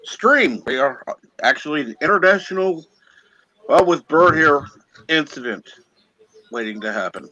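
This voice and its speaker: A man hosting a morning livestream, his voice bright and lively, rising and falling a lot as he jokes. The sound is dull and dry, like a lo-fi mic close up. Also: fairly high pitch, measured pace, long pauses, dry recording. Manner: joking, irreverent. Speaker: host. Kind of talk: casual livestream chat.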